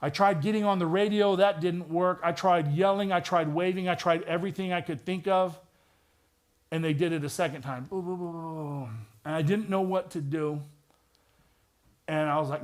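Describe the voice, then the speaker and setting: A man's voice: a little high, normal speed. A middle-aged man, a retired police detective, giving a vivid personal testimony in a church with touches of wry humor.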